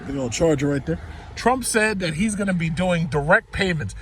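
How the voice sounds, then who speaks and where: A man records himself from his car in city traffic, with faint road noise behind him. His voice sits high, and he rants in a sarcastic, profane way about the drivers around him and the news. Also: expressive, moderate pace, fairly bright tone. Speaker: vlogger commenting while driving. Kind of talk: ranting car vlog.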